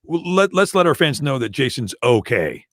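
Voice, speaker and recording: A Canadian man co-hosts a podcast live from an indoor room at home, reading fan messages in a playful, teasing, joking way and slipping into mock accents during the casual live-stream chat. His mid-range voice is very animated, a bit bright, and moderately paced, picked up by a webcam or computer mic with no room sound and studio quality.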